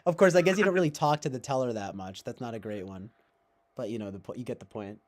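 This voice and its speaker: A man's voice: mid-range voice, fast, darkish tone. A man hosting a casual streamed chat, rambling along and often breaking into laughter and swearing. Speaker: host.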